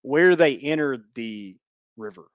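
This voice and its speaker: A man chats casually as a co-host. He asks relaxed questions in an easygoing manner at an ordinary middle pitch. The recording is close and dry. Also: measured pace, no echo. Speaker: podcast co-host. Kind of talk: casual chat.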